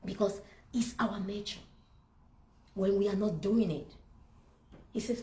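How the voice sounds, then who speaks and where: A woman's voice: medium pitch, a little slow, long pauses, mellow. Woman, sermon-like teaching talk, preaching style, rhetorical questions, echoey event room. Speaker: speaker leading a masterclass. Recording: roomy hall with faint background noise.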